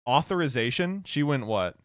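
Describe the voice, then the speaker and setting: A man's voice: medium pitch, animated, moderate pace, dry recording, studio quality. A man streaming reaction commentary, sarcastic and swearing, laughing often.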